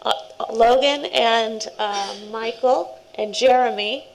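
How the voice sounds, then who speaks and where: Gravelly-voiced woman giving a heartfelt speech. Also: a little high, takes it slowly, low-quality recording. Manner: warm, rambling, laughing asides. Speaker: scout leader. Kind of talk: speech at a ceremony.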